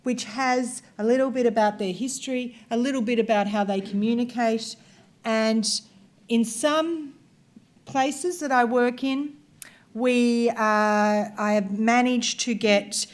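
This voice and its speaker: Speaking slowly in a higher-pitched voice, a female researcher walks her workshop audience through video clips in a relaxed, explanatory manner.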